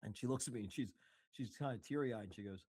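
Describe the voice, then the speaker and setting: In a husky, mid-range voice, a middle-aged radio host talks fast while telling a story in a casual chat as an interview guest. He's animated, acts out the dialogue with laughs, and the recording has no room sound.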